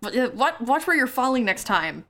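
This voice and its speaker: A woman's voice: on the high side, sing-song, moderate pace, noisy background, voice pushed up. A woman voicing a proud, embarrassed young adventurer in a tabletop game, stammering defensively.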